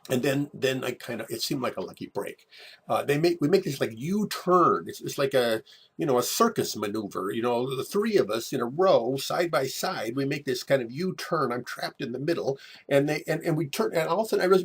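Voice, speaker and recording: A man telling a personal story from his childhood over photos, in a halting way full of restarts and repeated words. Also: medium pitch, animated, creaky, breathy edge.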